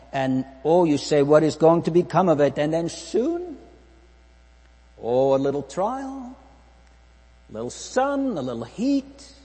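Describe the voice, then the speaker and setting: A man's voice: medium pitch, dark tone. A man preaching a sermon to his congregation, earnest and pleading, asking searching rhetorical questions. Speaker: pastor. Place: church hall. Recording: long church reverb with mains hum.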